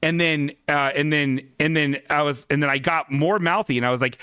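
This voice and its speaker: A man's voice: on the high side, moderate pace, hardly any pauses, sharp tone, clear, resonant tone, dry recording, clean studio sound. A man hosting a comedy podcast in character, telling a rambling story with an exaggerated, self-naming delivery. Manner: rambling, exaggerated, repeatedly names himself.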